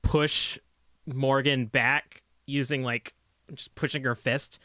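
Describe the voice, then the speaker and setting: Bright-voiced man playing a tabletop game. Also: medium pitch, little pitch movement, slow pace, dry recording, studio quality. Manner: laughing often, hesitant with fillers. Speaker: player. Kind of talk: casual tabletop game chat.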